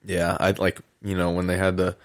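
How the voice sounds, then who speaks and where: A man, a former pro baseball player, telling an animated story in a podcast interview and acting out the quotes. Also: deep voice, normal speed, dry recording, clean studio sound. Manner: animated anecdote, acts out quotes, laughs often.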